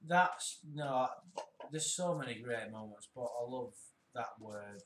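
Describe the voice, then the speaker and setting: A man co-hosting a casual chat show, laughing often, animated and sweary. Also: mid-range voice, measured pace, background noise. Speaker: podcast co-host. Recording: roomy echo.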